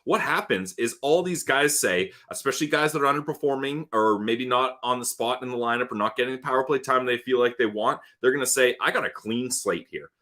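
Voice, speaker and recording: A man co-hosting a live hockey show, talking fast and emphatically about the team. His voice is bright and forceful, and he keeps the energy up in a casual chat tone. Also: medium pitch. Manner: excited, emphatic hockey analysis. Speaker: podcast co-host. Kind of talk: casual sports talk livestream.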